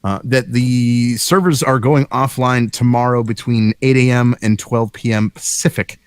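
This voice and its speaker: A man's voice: medium pitch, steady tone, measured pace, smooth, no room sound. A man co-hosting a casual live-stream chat about games, rambling with lots of "uh" fillers and restarts. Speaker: show co-host.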